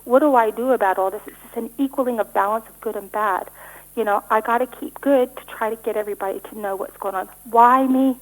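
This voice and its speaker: A middle-aged woman giving rambling interview answers, talking rapidly with frequent restarts and stumbles. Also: on the high side, rough recording. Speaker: interview guest.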